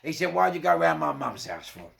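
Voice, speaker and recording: A man's voice: on the high side, brisk. A man with a London accent casually telling a crime story, swearing freely and acting out the quotes. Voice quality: gravelly. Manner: swearing, animated retelling with acted quotes.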